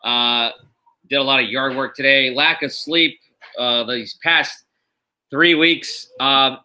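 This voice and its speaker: Very bright-voiced tired man hosting. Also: mid-range voice, steady tone, slow pace, rough recording. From US East Coast. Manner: rambling, many fillers, tired but upbeat. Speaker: wrestling podcast host. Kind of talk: casual live-stream chat. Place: home room.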